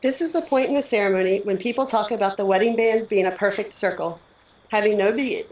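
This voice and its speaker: A woman officiating a wedding ceremony, speaking in a measured, reflective way and leading the couple through their ring vows. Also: mid-range voice, darkish tone. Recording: echoey, picked up from a distance.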